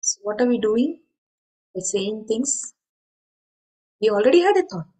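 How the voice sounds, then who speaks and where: A woman's voice: fairly high pitch, very animated, a little slow, dark tone, rough recording. A middle-aged woman giving an earnest spoken talk on mindfulness, explaining with everyday examples and rhetorical questions. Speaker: meditation speaker. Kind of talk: spoken talk to an online group.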